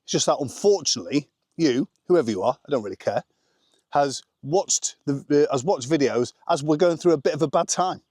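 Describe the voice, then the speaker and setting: A man's voice: a little high, lively intonation, darkish tone, dry recording, clean studio sound. Joking English man on a home vlog. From England. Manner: joking, teasing, quick interjections. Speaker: vlogger. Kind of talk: casual chat.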